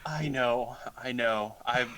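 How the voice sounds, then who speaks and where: Male player as an embarrassed holy man asking for shady help; bright tone, halting. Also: medium pitch, poor audio. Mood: awkward. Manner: hesitant, many fillers and restarts. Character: awkward adult male cleric, hesitant and embarrassed.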